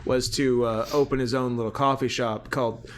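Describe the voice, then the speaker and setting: A man's voice: mid-range voice, fairly even intonation, moderate pace. A man co-hosting a casual podcast, chiming in and finishing his partner's sentences while recapping a film. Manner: chiming in, finishing the other's sentences, laughing along. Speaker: podcast co-host. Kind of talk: casual movie recap chat.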